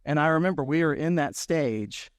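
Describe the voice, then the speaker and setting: A man's voice: fairly high pitch, animated, moderate pace, no echo, clean studio sound. Man preaching a chatty sermon. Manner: conversational storytelling with asides to the congregation. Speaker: pastor.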